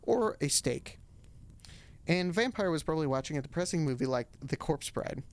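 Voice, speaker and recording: A man streaming, reading a story aloud with wry, deadpan asides for comedy. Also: a little high, quick pace.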